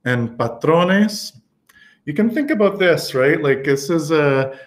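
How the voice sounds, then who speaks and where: A man's voice: fairly high pitch, expressive, takes it slowly. A man teaching a Spanish lesson on a live stream, talking casually with many fillers and restarts.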